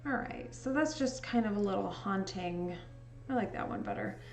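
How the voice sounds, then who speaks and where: A woman's voice: mid-range voice, normal speed, vocal fry, darkish tone, echoey room, soft background music. A woman vlogger chatting casually and thinking aloud while she edits. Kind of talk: casual chat while editing.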